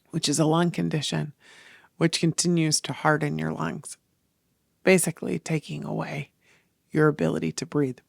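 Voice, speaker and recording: Emotional podcast host with vocal fry. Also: mid-range voice, dry recording, clean studio sound. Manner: emotional, earnest, rambling. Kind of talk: personal reflective monologue.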